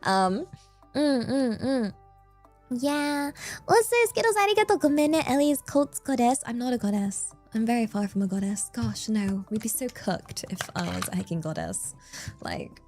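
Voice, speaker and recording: A woman's voice: fairly high pitch, sing-song, moderate pace, a little mellow, faint music behind. A woman with an English accent, chatting casually as a streamer, rambling and playful with lots of fillers. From England. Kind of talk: casual chat.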